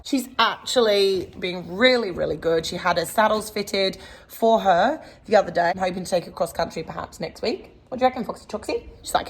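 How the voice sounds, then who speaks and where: A woman's voice: mid-range voice, breathy edge. Chatty woman vlogging. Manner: chatty and rambling. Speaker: horse trainer. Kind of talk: casual vlog talk to camera. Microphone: camera.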